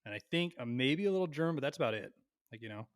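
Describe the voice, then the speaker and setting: A young man on a podcast, telling a long family story in a lively, animated way and swearing freely. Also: medium pitch, fast talker, clear, resonant tone, dry recording, studio quality. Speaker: podcast co-host. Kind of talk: casual storytelling chat.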